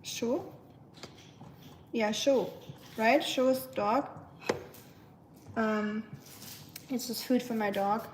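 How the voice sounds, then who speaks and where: Recorded on a phone propped up in her echoey home kitchen, with cooking noise clearly audible, a woman chats with viewers and answers chat during a casual cooking live stream. Her fairly high voice is slightly nasal and stuffy, with fairly even intonation, drawn-out words and long pauses.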